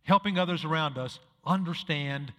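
A man's voice: fairly high pitch, moderate pace, a bit bright, in a large hall. A male pastor preaching a sermon, telling stories and acting out the dialogue, building to emphatic peaks. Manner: storytelling, acts out dialogue, rises to emphatic peaks.

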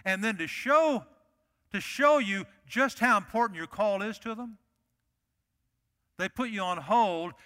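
Male pastor, sermon delivery, emphatic repetition, high bright tone, reverberant church hall. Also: animated, moderate pace. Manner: emphatic, repeats key phrases.

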